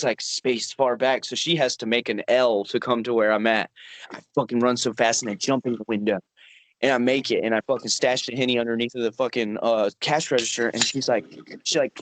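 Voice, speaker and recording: A man's voice: medium pitch, a bit bright. A young man co-hosting a podcast, telling a rambling, profane work story with lots of laughing. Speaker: podcast co-host. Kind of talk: casual storytelling chat.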